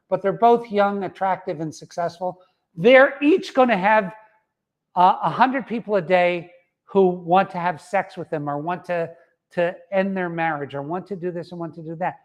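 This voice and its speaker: A middle-aged man giving a motivational talk, emphatic and repetitive, dropping in frequent uh-huh asides. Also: sits high. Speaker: wellness center founder giving a talk.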